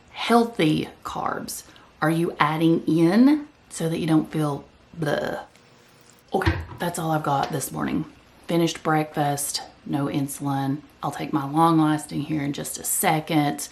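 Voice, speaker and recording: A woman with a low, creaky voice vlogs casually, rambling on in a chatty manner. Now and then she talks with food in her mouth.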